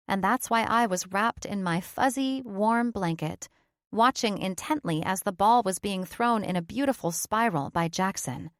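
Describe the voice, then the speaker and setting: An audiobook narrator, a woman with a middle-pitched voice, reads a first-person text with a steady, earnest delivery. The recording is close and completely dry, with no echo or room sound.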